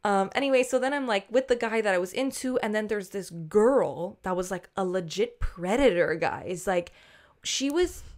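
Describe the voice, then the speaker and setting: Animated woman telling a wild story. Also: mid-range voice, moderate pace. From not from Australia. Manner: animated, swears freely, acts out quotes. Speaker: podcast co-host. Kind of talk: casual storytelling chat.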